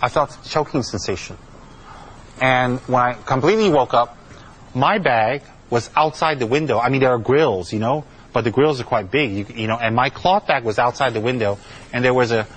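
A monk telling a story in a loose, chatty way. He keeps circling back with fillers and repeats himself, in a middle-pitched man's voice. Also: moderate pace, fairly bright tone, husky, rough recording. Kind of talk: spoken storytelling talk.

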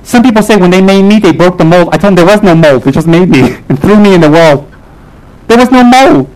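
A man teaching as a Buddhist lama, his voice sitting a touch high for a man. He jokes with his audience in an animated way and hammers his points with repeated rallying phrases. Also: brisk, poor audio. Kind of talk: live humorous dharma talk to an audience.

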